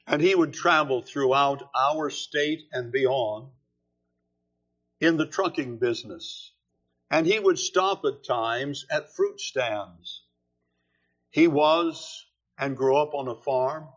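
A man preaching a sermon, slow and deliberate, leaning hard on key words. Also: a little high, a bit bright, dull audio. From California.

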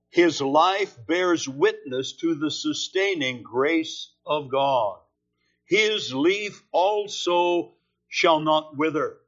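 Male preacher, slow deliberate sermon, emphatic stresses, muffled recording. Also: a little high, fairly bright tone. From California.

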